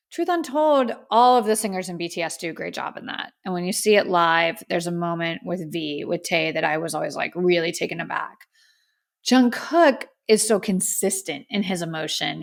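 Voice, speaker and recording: A woman hosting a casual music review podcast, talking in an effusive, heartfelt way and often saying "like.". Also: lowish voice. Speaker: podcast host.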